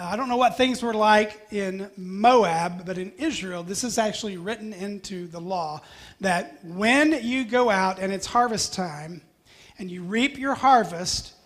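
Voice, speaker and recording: Pastor, sermon, chatty storytelling, light humor, mid-pitched voice. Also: a bit bright.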